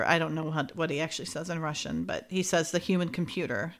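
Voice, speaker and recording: A woman's voice: low-pitched, fast talker, hardly any pauses. A woman co-hosting a casual chat, retelling scenes with frequent laughter. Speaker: podcast co-host. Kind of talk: casual chat recapping a show.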